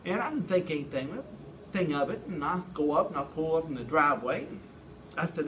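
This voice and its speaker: A man telling a folksy, animated anecdote in a casual way. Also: a little high, quick pace, distant mic, a little hiss or hum, poor audio. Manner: folksy, animated yarn-spinning. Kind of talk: anecdotal storytelling.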